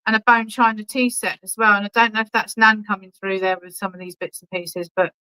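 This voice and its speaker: On a low-quality recording, a woman speaks with a mid-range, level, clean, sharp voice at a fairly quick pace. She's a spiritualist medium at an online church service whose clairvoyant readings are chatty and reassuring; she keeps saying "okay?" and calls people darling.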